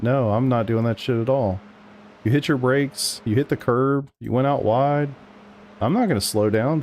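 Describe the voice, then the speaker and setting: A man's voice: medium pitch, moderate pace, darkish tone, slight background noise. Profane, exasperated sim racing streamer man. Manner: profane and exasperated, arguing back at chat. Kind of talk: live stream commentary over race replays. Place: home sim racing room.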